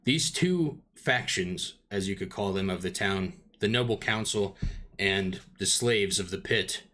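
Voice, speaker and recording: A man's voice: low voice, a little slow, bright, forceful tone. A man voicing a bitter former nobleman who now keeps order among prisoners, stern and short-tempered as he explains.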